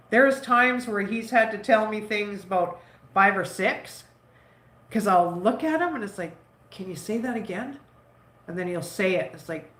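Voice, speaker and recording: A woman's voice: mid-range voice, lively intonation, unhurried. A woman vlogger with a stuffy nose, rambling casually about her son while making bread dough at home. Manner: rambling, chatty, warm toward her son, many "like"s. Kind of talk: casual chat while cooking. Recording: roomy echo.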